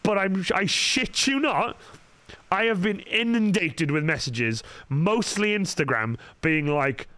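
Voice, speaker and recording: Speaking slowly in a high, expressive, sharp-toned voice, a young cosplay streamer paints live and chats casually, cursing constantly and muttering asides. The studio-mic recording is dry, with faint background music.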